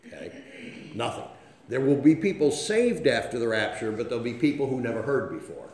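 A man's voice: medium pitch, expressive, brisk, a little mellow, roomy sound. A man preaching a sermon, often checking in with his listeners by asking "okay?", and telling homespun stories. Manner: folksy, storytelling, frequent "okay?" check-ins.

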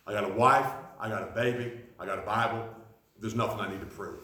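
A man's voice: mid-range voice, animated, fast talker, a bit bright, echoey room. A man in his forties preaching a sermon, telling stories and acting out the voices of the people he quotes. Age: 40s. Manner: storytelling, acts out quoted voices. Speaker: pastor.

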